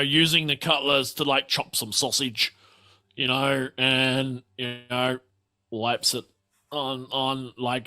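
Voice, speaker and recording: A man's voice: mid-range voice, sharp tone. A man narrating a tabletop game as game master, rambling along with lots of fillers and restarts.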